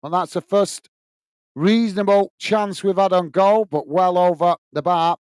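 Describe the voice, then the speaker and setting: Man, from England, fan watch-along host, high voice, crisp and dry close sound, chatty, reads viewer comments. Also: fairly even intonation, measured pace, darkish tone, no room sound. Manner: chatty, reads out viewer comments, partisan for his own team. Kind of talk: live fan commentary and chat reading.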